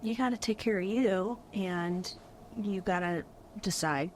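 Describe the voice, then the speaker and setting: A woman's voice: mid-range voice, measured pace, slight background noise. A middle-aged woman from California hosting a podcast, talking in an earnest, chatty way with lots of fillers. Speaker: podcast host. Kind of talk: casual chat with guests.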